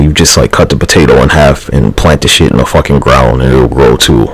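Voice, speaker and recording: A man's voice: rumbling low, a little fast, slightly rough, low-quality recording. A man streaming live, talking in a loose, rambling and profane monologue.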